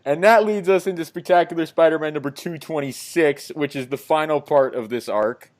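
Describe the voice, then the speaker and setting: A man's voice: fairly high pitch, brisk. A man co-hosting a casual comic book podcast, chiming in with wry remarks. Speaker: podcast co-host. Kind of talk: casual chat.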